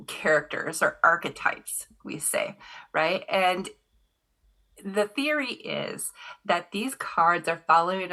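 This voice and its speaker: A woman guest in a casual interview, talking about tarot reading in an animated storytelling way, full of "you know" fillers. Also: on the low side.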